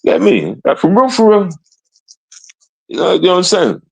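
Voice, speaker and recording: Emphatic man with a slightly high voice, a guest in a casual street-slang storytelling interview. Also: sing-song, moderate pace, vocal fry, breathy edge. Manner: emphatic, repetitive street slang, keeps asking "you understand?". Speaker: guest telling his story.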